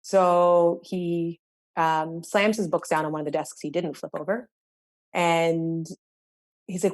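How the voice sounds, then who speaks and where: Slow and fairly even in intonation, this lowish female voice is captured in a dry recording. She is a teacher guesting on a podcast, thoughtfully telling classroom stories in conversation and frequently restarting or repeating herself.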